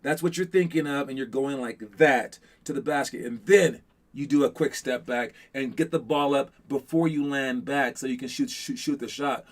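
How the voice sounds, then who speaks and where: A man's voice: medium pitch, normal speed. A man coaching young basketball players in a loose, conversational way, often stopping to restart and acting out quotes. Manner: acts out quotes with sudden hype. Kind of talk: casual coaching talk to a youth team.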